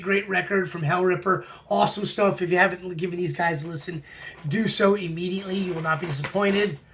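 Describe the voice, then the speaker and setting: Gravelly, bright-toned man chatting about records. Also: high-pitched. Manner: enthusiastic, many fillers and restarts. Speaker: record collector vlogger. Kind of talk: casual vinyl review chat.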